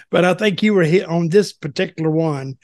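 A man's voice: on the high side, moderate pace, a little mellow. A man hosting a casual interview, teasing his guest and prompting him to tell stories. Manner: prompting, teasing, laughs along. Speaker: podcast host.

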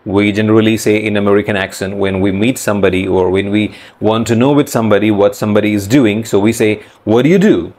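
A man hosting an English pronunciation lesson, explaining sounds slowly and repeating phrases to demonstrate them. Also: on the low side, fairly even intonation, darkish tone.

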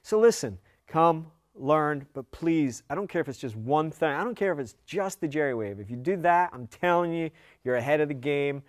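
A man's voice: a little high, lively intonation, moderate pace, dry recording, studio quality. A man co-hosting a casual trade show, joking around with frequent laughs and keeping things moving. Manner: jokey, upbeat, frequent laughs. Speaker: co-host. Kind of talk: casual chat.

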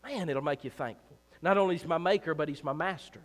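A man preaching a sermon in a church, emphatic and repetitive, swinging between loud and soft, with joking asides. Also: a little high, quick pace. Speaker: pastor. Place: church sanctuary. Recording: reverberant church hall.

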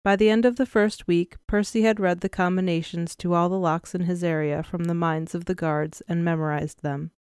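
A woman narrating a science fiction story in an even, measured reading style. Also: fairly low pitch, clear, resonant tone, dry recording, studio quality. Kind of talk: scripted audiobook narration.

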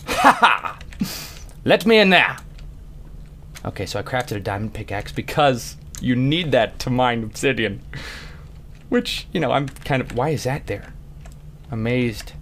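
A man's voice: on the low side, gravelly, slight background noise. A man giving casual, playful game commentary, goofing around and slipping into silly voices as he plays. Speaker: let's play gamer.

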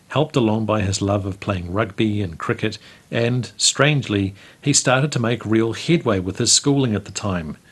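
A man reads a memoir aloud at an unhurried, storytelling pace. His voice is husky and sits a little low. He hosts the segment as its narrator. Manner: measured, storytelling delivery. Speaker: host reading local history stories.

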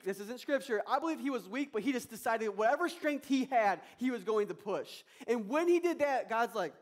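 A man's voice: high voice, expressive, brisk. A male pastor preaching a sermon with energy, acting out quotes and prayers.

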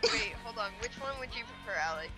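A woman's voice: mid-range voice, lively intonation, brisk, music in the background. A woman chatting with friends on a voice call. She rambles and hesitates, with lots of repeated words. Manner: rambling, hesitant, filler-heavy. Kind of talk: casual chat.

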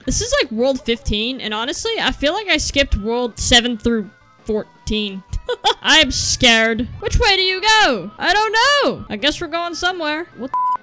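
A young woman chatting through a platform game, her voice high and bright. It swings widely in pitch as she yelps, swears and laughs at her own mistakes. Faint game music plays underneath. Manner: excitable, swears often, yelps and laughs at mishaps. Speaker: gameplay streamer. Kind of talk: casual gameplay commentary.

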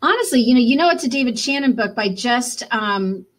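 A woman's voice: a little high, lively intonation, fairly quick. A woman teacher reading a picture book aloud to children, chatty and encouraging, asking her listeners questions.

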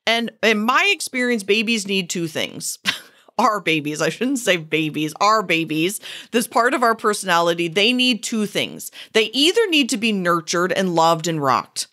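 Animated woman podcast host. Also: medium pitch, moderate pace. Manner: animated, emphatic, swings from loud to soft. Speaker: podcast host and former therapist. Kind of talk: casual solo podcast talk.

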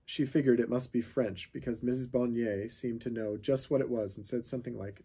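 Gravelly man reading a children's book aloud. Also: medium pitch, brisk. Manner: steady storytelling narration. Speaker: reader of a children's novel.

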